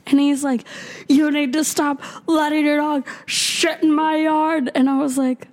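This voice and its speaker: A woman telling a crude, animated anecdote in casual chat, acting out both sides of the conversation. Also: sits high, a little slow. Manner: profane, animated anecdote-telling with quoted voices.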